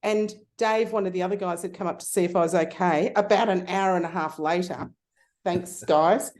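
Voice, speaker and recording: A middle-aged woman spins an anecdote in a relaxed interview, her pitch leaping whenever she acts out what someone said. Her voice sits fairly low and sounds warm and mellow. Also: moderate pace. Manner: animated storyteller, acts out voices with big pitch jumps. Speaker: guest. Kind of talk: casual interview storytelling.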